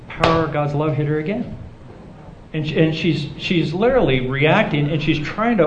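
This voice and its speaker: A man's voice: fairly high pitch, moderate pace, echoey room, dull audio, a little hiss or hum. A man preaching, telling a personal story with a playful, self-mocking manner and acted-out dialogue. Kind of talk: sermon storytelling.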